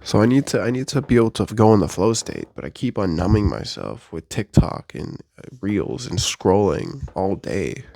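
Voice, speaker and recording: A young man in a casual confessional monologue, rambling and self-deprecating, often rising into animated rhetorical questions. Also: lowish voice, normal speed, gravelly, hardly any pauses, dry recording, clean studio sound. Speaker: vlogger. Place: his bedroom.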